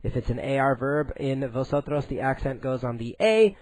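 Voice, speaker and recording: A man teaching a recorded Spanish grammar lesson in English, explaining slowly and deliberately with frequent "uh" fillers. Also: medium pitch, lively intonation, darkish tone, no room sound, low-quality recording.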